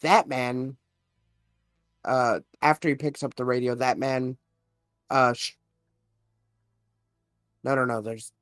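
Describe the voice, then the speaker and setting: A man's voice: medium pitch, fairly even intonation, slow, pauses often, a bit bright, dry recording, studio quality. A man co-hosting a podcast, casually retelling a movie plot, laughing often and acting out the characters' lines. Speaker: podcast co-host.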